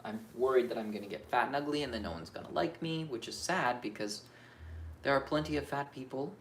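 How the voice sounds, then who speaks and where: A man's voice: medium pitch, fairly quick, a little hiss or hum. A man recording an unscripted astrology vlog, venting his frustrations frankly and profanely and rambling as he questions himself. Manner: restless, self-questioning rambling.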